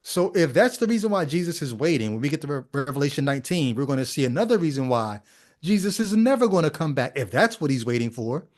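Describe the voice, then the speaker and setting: A man's voice: fairly high pitch, sing-song, fast talker, darkish tone. A man hosting a podcast, giving critical commentary on a video clip in a skeptical, conversational way full of rhetorical questions. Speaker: podcast host.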